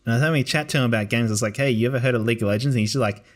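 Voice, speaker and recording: A man's voice: medium pitch, very fast. A man in his twenties hosting a podcast, telling rambling anecdotes in casual chat and acting out the quoted people. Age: 20s. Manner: rambling anecdotes with acted-out quotes and frequent laughter. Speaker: podcast host.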